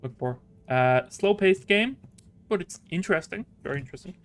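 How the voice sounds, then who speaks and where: A man's voice: sits high, animated, fairly quick. Male gaming host, casual let's-play commentary, jokey, rambling, laughs a lot. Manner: joking, laughs often, rambling tangents.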